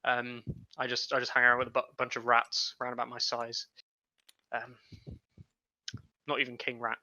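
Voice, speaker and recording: A man's voice: mid-range voice, monotone, normal speed, bright, forceful tone, no echo, lo-fi sound. A man casually co-hosting a live game stream, joking and rambling, slightly drunk and tired after a long day. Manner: joking, rambling, self-deprecating. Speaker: commentator and co-host.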